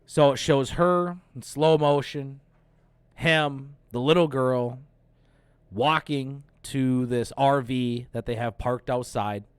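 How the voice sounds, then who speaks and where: A man hosts a casual movie review, retelling scenes with plenty of swearing and quick acted-out quotes. His voice sits at a middle pitch, and the recording is dry, with no room sound. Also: clear, resonant tone, no echo. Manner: animated, profane, acts out quotes. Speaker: host.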